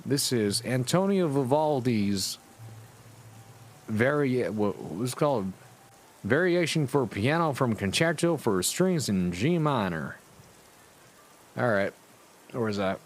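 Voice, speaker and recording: A man's voice: medium pitch, expressive, slow pace, long pauses. A man streaming live, chatting casually with his viewers in a crude, profane and sardonic way.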